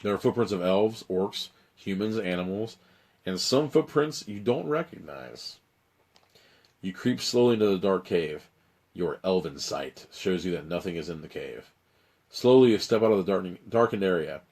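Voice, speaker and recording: A man with a fairly low voice reads an adventure gamebook aloud for a live audience. His narration keeps breaking into wry, irreverent asides and offhand swearing. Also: lively intonation, moderate pace, darkish tone. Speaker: livestream host reading an adventure gamebook. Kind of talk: reading aloud with joking asides.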